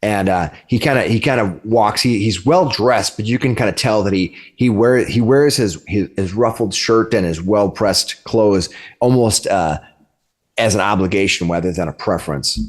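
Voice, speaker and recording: A man narrating a tabletop game as game master, often restarting his sentences. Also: lowish voice. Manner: halting, many restarts while describing.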